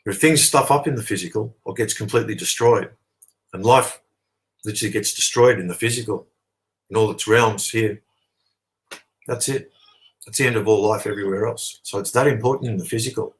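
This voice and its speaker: A lowish, grounded male voice with an Australian accent, holding forth at length as a guest. He drives his points home with stress on key words and keeps pausing to ask "okay?" before pressing on. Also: poor audio. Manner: emphatic, checks in with "okay?", leans on "sort of". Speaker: interview guest. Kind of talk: long explanatory monologue.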